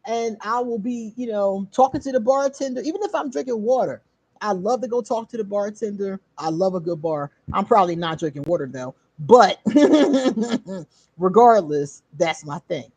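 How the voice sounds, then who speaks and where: A woman hosting her own channel, casually telling a story straight to her viewers, animated, laughing often and swearing freely. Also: medium pitch, normal speed, no room sound. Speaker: channel host.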